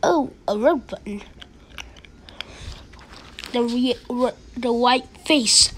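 A woman voicing all the cats in a playful homemade cartoon, excitable, with frequent shrieks and silly sound effects. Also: on the high side, slow pace, a little hiss or hum. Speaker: amateur animator voicing all characters.

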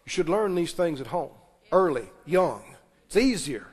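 A man preaching. His voice sits high for a man. The long reverb of a large church hall carries every phrase as he calls for answers from the pews. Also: very animated, husky. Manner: preaching with call-and-response, quick asides and laughs. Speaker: pastor. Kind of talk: sermon. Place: church sanctuary.

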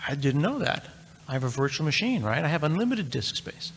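A man's voice: on the high side, sing-song, fairly quick, a bit bright, a little hiss or hum. A middle-aged man giving a live conference tech talk, telling a story in a chatty, joking way and speaking straight to the crowd. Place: large conference hall. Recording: long reverb of a large hall.

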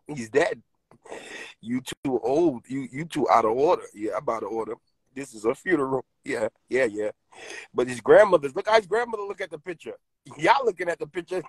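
A man's voice: mid-range voice, dry recording, low-quality recording. A man doing mocking, taunting roast commentary on a stream, laughing at his target.

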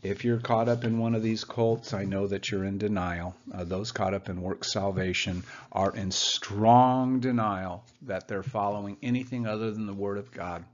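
A man's voice: on the low side, steady tone, normal speed, few pauses, dull audio. A man teaching the Bible informally over slides. He speaks in a sarcastic, hesitant way, with many "uh"s and mocking asides.

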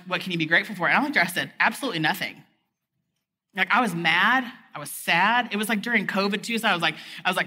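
A woman's voice: mid-range voice, sharp tone. A woman giving a chatty, candid sermon at a conference, peppering her talk with "like". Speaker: conference speaker. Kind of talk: conversational sermon. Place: conference hall stage. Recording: long reverb of a large hall.

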